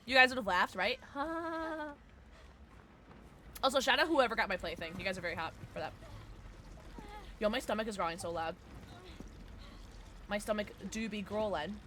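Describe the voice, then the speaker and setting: A woman streaming a game and chatting casually with her viewers, playful and excitable. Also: medium pitch, normal speed, long pauses, slight background noise. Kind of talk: casual gameplay streaming, reading chat.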